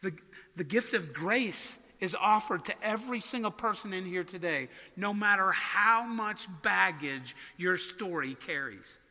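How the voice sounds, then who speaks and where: A man preaching a sermon as pastor, talking conversationally and slowing down to stress key words. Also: sits high, lively intonation, pushed and bright, in a large hall. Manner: conversational preaching, slows for emphasis. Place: church sanctuary.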